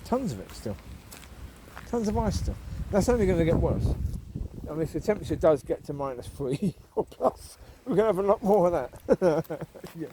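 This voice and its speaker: This British vlogger's slightly high, mellow voice is very animated at a normal speed as he walks and talks outside at night. He's opinionated, keeps repeating his points and chuckles often, with slight background noise.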